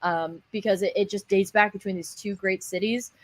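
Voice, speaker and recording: A woman's voice: medium pitch, fairly even intonation, moderate pace, no echo. A woman who works as a baseball broadcaster, answering questions in a thoughtful, upbeat, conversational way. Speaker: minor league baseball broadcaster. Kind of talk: radio interview guest.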